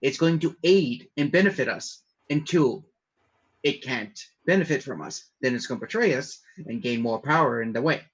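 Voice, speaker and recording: A man playing an eccentric noble baron in a tabletop game, musing with dry jokes and drawn-out hums. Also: medium pitch, animated, slightly rough, muffled recording. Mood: wry.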